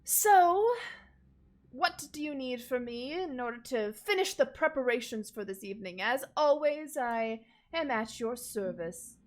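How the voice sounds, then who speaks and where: A woman's voice: on the high side, animated, a little slow, voice pushed up. A woman doing a formal, dutiful manservant. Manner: formal, polite, lightly exasperated. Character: dutiful, slightly weary male servant. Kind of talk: voicing a character in a tabletop game.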